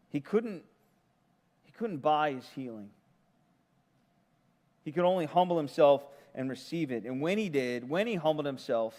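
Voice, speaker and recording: A man's voice: mid-range voice, a little mellow. Male pastor preaching in an echoing hall. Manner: conversational storytelling preaching. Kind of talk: sermon.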